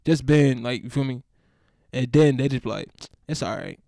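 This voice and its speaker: A young man co-hosting a podcast, talking in a relaxed, rambling way with frequent restarts. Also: mid-range voice, moderate pace, no echo, clean studio sound. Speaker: podcast co-host. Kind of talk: casual podcast chat.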